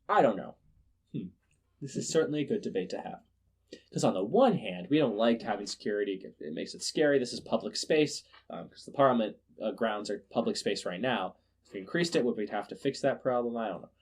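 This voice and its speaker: A man talking through the day's news on a casual podcast, and it's one long run of deadpan sarcasm. His voice sits at an ordinary middle pitch while he breaks into laughs and trips over his own words as he goes. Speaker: podcast host.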